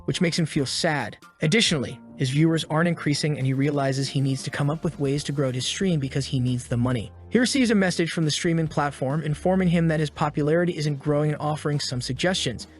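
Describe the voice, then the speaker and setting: A man reading a scripted story recap in a steady narrating voice. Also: on the high side, fast, hardly any pauses, faint music behind.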